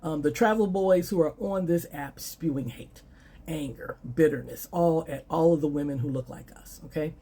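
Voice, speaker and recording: A woman's voice: low voice, moderate pace, dark tone, breathy edge. A middle-aged woman giving dating advice in a casual monologue, often checking in with "okay?" and "all right?" and brushing things off with "blah, blah.". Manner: dismissive "blah, blah" asides.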